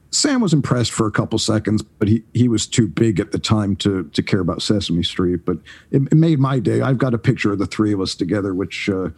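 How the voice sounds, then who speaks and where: A man in his forties, a podcast guest, telling career stories in a casual, animated way, often restarting his sentences. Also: lowish voice, slightly rough. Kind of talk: casual storytelling.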